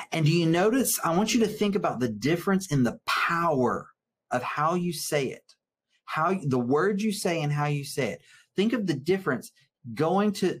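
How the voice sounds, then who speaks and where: Earnest male therapist lecturing in a webinar, animated, restarts words when worked up. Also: a little high, breathy edge. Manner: reads viewer comments aloud.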